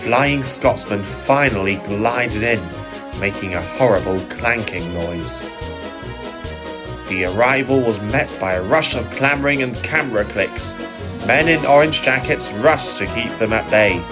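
A man narrating a storybook audio reading in a slow, measured way. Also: mid-range voice. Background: music.

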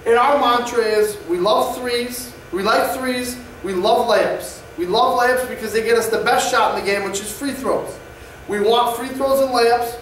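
A man's voice: very high voice, measured pace, a bit bright, slight background noise. A male basketball coach explaining offense plays in an instructional presentation, often checking in with "all right?". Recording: echoey distant room mic.

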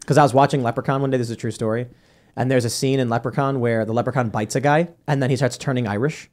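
A man's voice: mid-range voice, fairly even intonation, darkish tone. A man hosting a casual podcast panel, joking and acting out quotes in other voices. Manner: quick, jokey, acts out quotes in voices. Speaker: podcast host.

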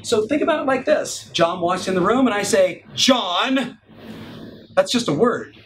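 A middle-aged man coaching real estate agents in an energetic, emphatic motivational talk. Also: high-pitched, brisk, slight background noise. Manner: animated, emphatic, acts out example phone lines.

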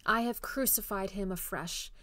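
A woman's voice: mid-range voice, moderate pace, pushed and bright, no room sound, lightly acted. A woman voicing a despairing man locked in an iron cage, speaking mournfully and full of regret.

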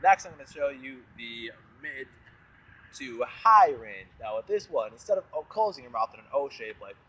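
A man's voice: mid-range voice, very animated, moderate pace, pushed and bright, slightly rough, distant mic. A young man giving a casual, profane lesson on screaming technique, breaking into demonstration screams. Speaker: vocal coach.

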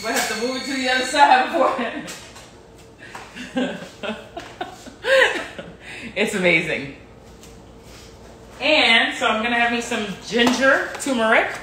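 A woman's voice: on the high side, lively intonation, slow pace, long pauses, sharp tone, reverberant, slight background noise. A woman chatting casually with viewers on a live stream from her home kitchen, playful and laughing often, talking into her phone. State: sore neck.

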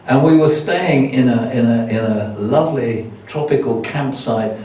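A man's voice: medium pitch, measured pace, dark tone, a little hiss or hum. An older man preaching as a guest, telling a self-deprecating story with many restarts. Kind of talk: sermon with anecdotes. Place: church hall. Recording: echoey church hall from far off.

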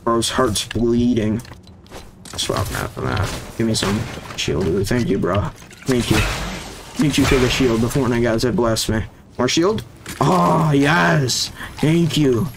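A young man giving casual, excitable gameplay commentary, jumpy and slangy, with sudden yelps when startled. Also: mid-range voice, slow pace, creaky, noisy background. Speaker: gaming YouTuber. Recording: game music and sound effects behind voice. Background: loud game music.

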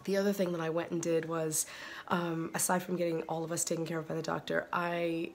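A woman vlogging casually to her phone by a bright window at home, chatting and gushing over yarn with breathy exclamations. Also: low-pitched, flat delivery, fairly quick, a little hiss or hum. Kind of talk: casual chat to camera. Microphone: phone camera.

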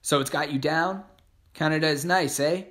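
Guy reading as a hardened camp vet, pitched up a bit, blunt and flat about it all, audiobook. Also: moderate pace, lightly acted. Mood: indulgent. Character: weary veteran male camp prisoner, blunt.

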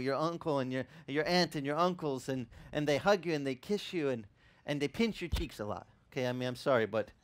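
A male pastor preaching a sermon, telling stories with many restarts and acting out the people he quotes. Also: mid-range voice. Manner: animated storytelling, acting out quoted voices; halting, with frequent restarts.

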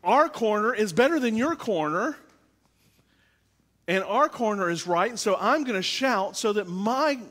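A man's voice: sits high, animated, measured pace, fairly bright tone. Guy pastor preaching, talks casual and repeats stuff for emphasis, lots of hall echo. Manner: conversational preaching with repeated phrases. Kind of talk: sermon.

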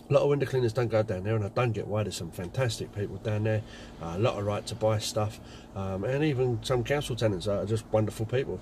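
A man's voice: fairly low pitch, a little mellow, slight background noise. A man, a window cleaning business owner, telling anecdotes in a chatty casual vlog. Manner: chatty, anecdotal, many fillers.

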